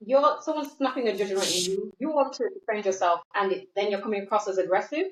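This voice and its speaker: A young woman from Tanzania who was raised in northern England, a podcast guest talking in a reflective, halting way with frequent restarts. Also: medium pitch, a little hiss or hum. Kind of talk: casual podcast chat. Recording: roomy, dull-sounding podcast mic.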